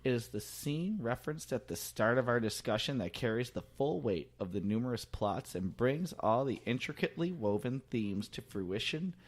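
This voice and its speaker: A man reads a film history script aloud to his friends. He slips into a mock old-time newscaster manner. His pitch sits in the middle range. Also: expressive, moderate pace, hardly any pauses. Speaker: podcast co-host reading the script. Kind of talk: casual podcast chat and reading aloud.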